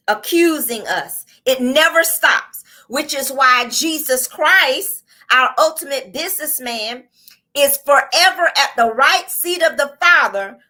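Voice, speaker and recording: A woman hosts a live online show in a fervent, preaching-style motivational delivery. Her voice sits high and sounds bright and forceful. She drives her points home with repeated phrases and calls out to her listeners. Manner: fervent, repetitive, with call-outs to the audience. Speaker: host and coach.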